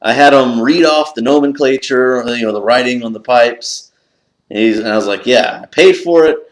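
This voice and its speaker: A man vlogging about a lucky find, telling the story with lots of excitement and leaping up in pitch when he relives his panic. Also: moderate pace. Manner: excitable, jumps up high when retelling his own panic. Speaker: pipe collector vlogger. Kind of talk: animated storytelling to camera. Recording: echoey room.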